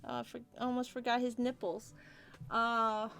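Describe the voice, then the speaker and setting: A woman's voice: on the high side, little pitch movement, moderate pace, gravelly, fairly bright tone, clear, resonant tone. A woman streaming a drawing session, chatting casually and giggling as she reads viewer comments aloud. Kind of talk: casual livestream chat.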